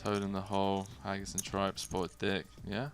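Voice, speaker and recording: Very deep-voiced male poker commentator. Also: monotone, moderate pace, slight background noise. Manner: playful, banters with viewers. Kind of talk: casual live commentary.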